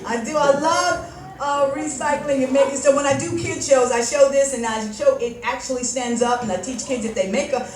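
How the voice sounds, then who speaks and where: A woman's voice: sits high, steady tone, moderate pace. A woman comic doing a stand-up set on stage, telling rambling, self-mocking stories and acting out the dialogue. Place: comedy club stage before a live audience. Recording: echoey room, mic some distance off, audience noise.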